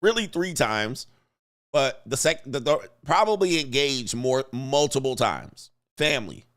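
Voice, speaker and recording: A man's voice: medium pitch, sing-song, measured pace, a bit bright. A man hosting a livestream reaction commentary, talking in a blunt, mocking way and chuckling often. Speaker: commentary host.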